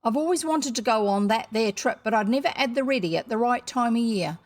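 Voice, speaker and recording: A woman voicing a cheeky, lazy male burglar who talks loud and slangy, as in a storybook reading. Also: fairly high pitch, animated, fairly quick, natural voice. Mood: wistful, lazy.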